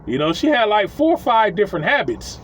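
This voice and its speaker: A man's voice: high-pitched, sing-song, fairly quick, slight background noise, low-quality recording. A man telling a story casually outdoors, rambling, swearing and chuckling as he goes.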